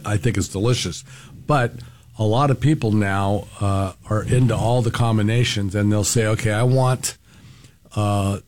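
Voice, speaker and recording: Low-voiced man explaining calmly. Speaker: restaurant owner guest. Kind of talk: casual radio interview.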